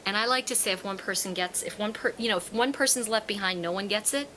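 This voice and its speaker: A woman's voice: medium pitch, fast talker, slight background noise, rough recording. A woman who reads tarot cards and teaches, talking casually to an audience and acting out the people in her stories. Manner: animated storyteller, acts out quoted voices. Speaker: tarot card reader and teacher. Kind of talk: casual spoken talk to an audience.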